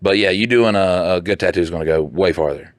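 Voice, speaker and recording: Lowish guy on a podcast, chatty storyteller, dry close mic. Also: fast, dry recording. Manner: animated storytelling with quoted voices and laughs. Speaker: podcast co-host. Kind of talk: casual chat.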